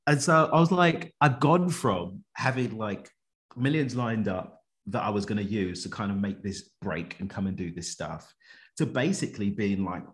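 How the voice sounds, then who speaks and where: A man recounts his own story as a podcast guest, talking animatedly and breaking into chuckles. His voice sits fairly low. His phrasing is casual and full of everyday slang. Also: moderate pace. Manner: animated, chuckles often, colloquial. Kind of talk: personal storytelling in conversation.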